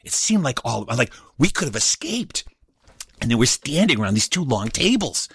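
Animated storytelling man. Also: medium pitch, normal speed, husky, no room sound, studio quality. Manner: animated, acts out every voice. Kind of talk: told story performance.

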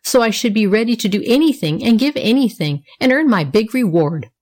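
A woman voicing a dreamy, eager little girl with a wistful, excitable manner. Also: fairly high pitch, brisk.

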